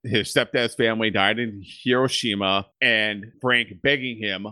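A man's voice: fairly low pitch, fairly even intonation, a little slow, bright, forceful tone. A man in casual podcast chat about a film, laughing often and acting out lines from it. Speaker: podcast co-host.

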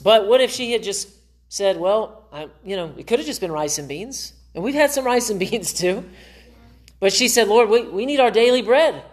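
A man's voice: sits high, lively intonation, normal speed. A man preaching in a church in an earnest, conversational way. He speaks as a pastor, giving a sermon to his congregation. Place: church sanctuary.

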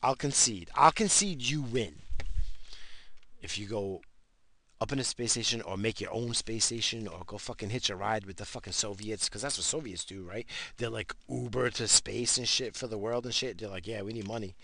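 Gravelly man ranting crudely. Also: on the low side, moderate pace, pushed and bright. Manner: crude, rambling, swears constantly. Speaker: podcast host. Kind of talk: casual profane rant.

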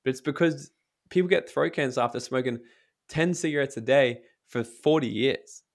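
A man's voice: medium pitch, moderate pace. A man who works as a motivational speaker and coach, talking in a casual interview with energy and blunt, profane language, acting out inner voices. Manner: energetic, blunt, swears freely; acts out inner voices in quotes.

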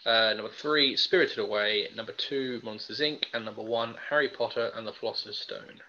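A man's voice: on the low side, fairly quick, pushed and bright, slight background noise. A young man co-hosting a podcast, chatting casually and enthusiastically about films with many fillers. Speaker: podcast co-host. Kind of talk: casual film chat. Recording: dull lo-fi podcast audio.

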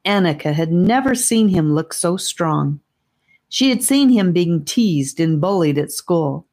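A woman reading an audiobook chapter aloud in a steady, expressive way. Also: lowish voice, a little slow. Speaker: audiobook reader. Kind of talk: audiobook narration.

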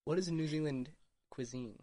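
A woman with a remarkably deep, low voice co-hosts a casual podcast. She is chatty and curious, and she keeps asking her friends questions as they talk. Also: normal speed, crowd noise. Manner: chatty, asks lots of questions. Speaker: podcast co-host. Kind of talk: casual chat.

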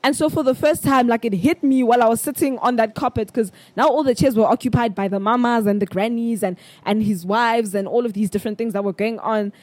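A young South African woman hosting a podcast, telling a personal story in a chatty, animated way with bursts of laughter. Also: fairly high pitch, brisk, few pauses, no echo. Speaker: podcast host. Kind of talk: casual storytelling monologue.

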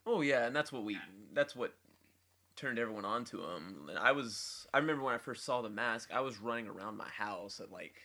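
A young man co-hosting a casual podcast chat, animated and quick to laugh. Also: mid-range voice. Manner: animated, laughs often, shouts quoted lines. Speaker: podcast co-host.

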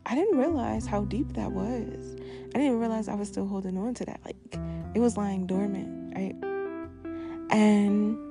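A woman's voice: mid-range voice, creaky. A woman hosting a podcast, talking candidly and emphatically in a reflective personal monologue, repeating phrases and swearing freely. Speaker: podcast host.

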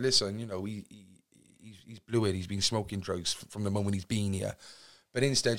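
A young Welsh man with a Cardiff accent recounts his past on a podcast, his voice sitting low. He rambles and restarts often, piling up fillers as he tells his story. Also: fairly bright tone. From Wales. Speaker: podcast guest. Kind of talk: candid storytelling.

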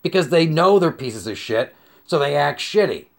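A man's voice: on the high side, animated, moderate pace, gravelly. Profane, rambling young man. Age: young adult. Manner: profane, rambling, with stammered restarts and acted-out scenes. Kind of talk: comedic rant monologue.

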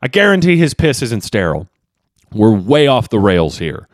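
A man's voice: moderate pace, no room sound, studio quality. A man hosting a solo comedy podcast, rambling and self-mocking, with a slight Southern twang from Kentucky. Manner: animated, jumps pitch for comic emphasis, self-mocking. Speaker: podcast host and stand-up comedian.

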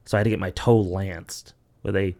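A man's voice: low-pitched, steady tone, fairly quick, vocal fry, warm tone. A young man hosting a podcast, telling long, rambling, profane stories in casual chat, with lots of "like" and "you know". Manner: rambling, profane storytelling full of "like". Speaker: podcast host.

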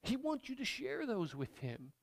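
High, animated male pastor preaching. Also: moderate pace, creaky. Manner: animated, emphatic, conversational preaching. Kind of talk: sermon.

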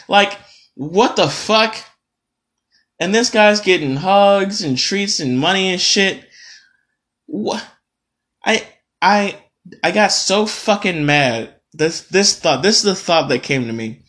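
A man's voice: fairly high pitch, lively intonation, slow, a bit bright. A man hosting a solo podcast, ranting in a casual, profane, exasperated way. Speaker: podcast host.

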